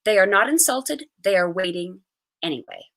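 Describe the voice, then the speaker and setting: A woman reads a short story aloud with a lot of expression. Her voice is bright and ringing, and her pitch swings widely from line to line. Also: normal speed. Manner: expressive, animated reading. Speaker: reader.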